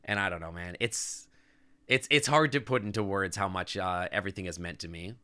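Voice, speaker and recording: A man's voice: low-pitched, a little fast, bright, forceful tone, smooth. A man streaming live, chatting casually and sentimentally to his chat, rambling with lots of "like" and "I don't know". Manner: reads and answers chat as he talks.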